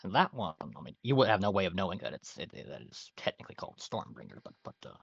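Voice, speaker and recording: Man, game master, animated pitch, dry muffled voice-chat sound. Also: vocal fry, slightly rough, no echo. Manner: relaxed, halting narration with fillers. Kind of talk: narrating a tabletop game.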